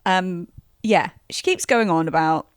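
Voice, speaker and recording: A woman's voice: fairly low pitch, unhurried, no echo, clean studio sound. A young woman co-hosting a podcast, gossiping with wry, opinionated remarks. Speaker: podcast co-host. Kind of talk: casual chat.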